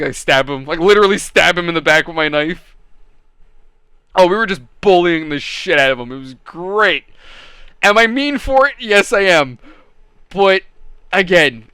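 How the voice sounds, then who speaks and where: A man's voice: a little high, animated, normal speed, long pauses, bright, forceful tone, clean tone, no echo. Blunt, profane man telling gaming stories. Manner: blunt, profane, mocking storyteller. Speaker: channel host. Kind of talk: casual gaming commentary.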